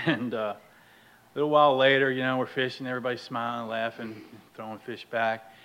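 Guy at a recovery meeting telling a funny story, laughs a lot, gets loud acting himself out. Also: mid-range voice, fairly quick, smooth, low-quality recording. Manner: animated, laughs often, acts out his own outbursts loudly. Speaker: speaker sharing at a recovery meeting. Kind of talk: humorous personal storytelling.

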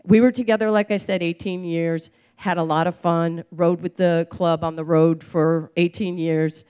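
A woman with a fairly low voice tells her personal story in an easygoing, meandering way. She pads her sentences with fillers and restarts, and keeps a light touch of humor. The recording sounds a little dull and lo-fi. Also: fairly even intonation, normal speed, smooth. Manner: rambling, warm-humored, many fillers and restarts. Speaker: recovering alcoholic sharing her story. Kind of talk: personal testimony, casual storytelling.

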